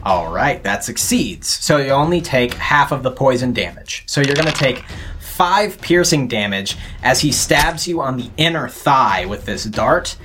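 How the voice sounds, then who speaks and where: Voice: medium pitch, animated, a little slow, a bit bright, a little hiss or hum. A game master narrating a tabletop session with descriptive, procedural calls.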